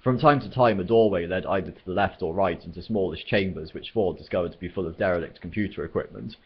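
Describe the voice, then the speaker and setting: Low, husky man reading a story. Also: fast talker, dull audio. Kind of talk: reading a novel aloud.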